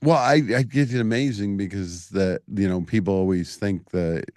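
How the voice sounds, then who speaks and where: A man's voice: deep voice, fairly even intonation, moderate pace, darkish tone, no room sound, studio quality. A man hosting a radio interview, keen and laughing easily as he talks with his guest. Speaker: radio host and club owner. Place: radio studio.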